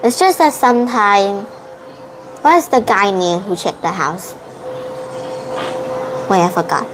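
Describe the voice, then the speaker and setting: A woman's voice: medium pitch, sing-song, slow, background noise. A young woman, a Vietnamese-speaking English student, practicing a debate in an online lesson, hesitant and often correcting herself. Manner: hesitant, restarts and self-corrections.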